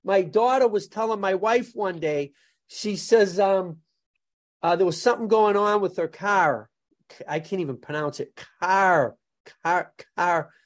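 A man's voice: high-pitched, moderate pace. A man, a jujutsu instructor telling funny stories in a casual podcast chat. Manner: jokey storyteller, laughs at his own stories.

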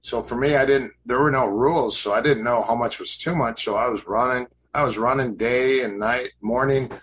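A man's voice: medium pitch, normal speed, fairly bright tone, slight background noise, low-quality recording. A man in his fifties, a podcast guest, casually telling stories about his past training, rambling with fillers and restarts. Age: 50s. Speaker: podcast guest, grappling coach. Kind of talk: casual interview storytelling.

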